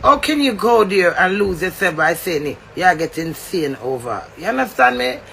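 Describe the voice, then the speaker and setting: A man's voice: high-pitched, sing-song, moderate pace, gravelly, pushed and bright, slight background noise. A man with a Jamaican accent delivering a heated, confrontational rant, swearing and lecturing.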